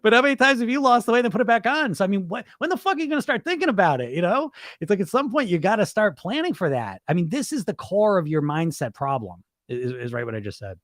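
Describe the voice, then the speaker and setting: A middle-aged man hosts his weight-loss podcast in a blunt, profane, off-the-cuff monologue, often laughing and stumbling over repeated words. His voice sits a little high and swoops up and down with energy. The sound is close and dry. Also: sing-song, fast talker, few pauses, a bit bright, no echo. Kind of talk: unscripted livestream monologue.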